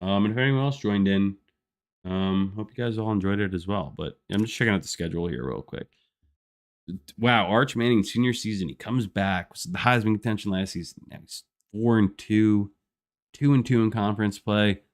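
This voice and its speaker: With a lowish voice at a moderate pace, a young man chats casually on a live gameplay stream. He rambles in a laid-back manner, using many "like" fillers and laughing often.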